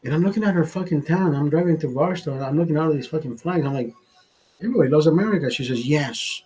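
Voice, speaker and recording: Profane ranting husky-voiced man. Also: on the high side, fast, warm tone, low-quality recording. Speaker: livestream host. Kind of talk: ranting storytime monologue.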